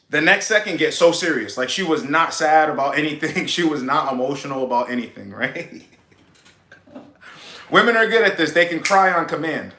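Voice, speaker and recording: Blunt, emphatic male advice vlogger, bright tense tone, roomy echo. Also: a little high. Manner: blunt, emphatic, calls listeners bro. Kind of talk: casual advice monologue.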